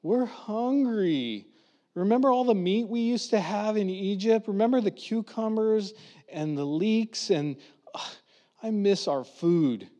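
A man's voice: high-pitched, dark tone, highs cut off, voice pushed up. A man voicing a crowd of whining, complaining wanderers in a sermon retelling. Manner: whiny, drawn-out complaining.

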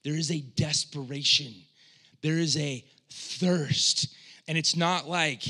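Bright-voiced preacher, hushed to fervent. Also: male voice, slow. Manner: swings from hushed, low delivery to loud impassioned cries; conversational, with frequent "like" and restarts. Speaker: pastor. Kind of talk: sermon.

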